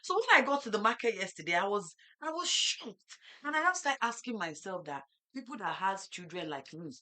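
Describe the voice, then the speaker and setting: Nigerian woman, middle-aged, bright tone, animated chatty farmer-host. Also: medium pitch, brisk. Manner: animated storytelling with Yoruba phrases. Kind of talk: casual talk show chat.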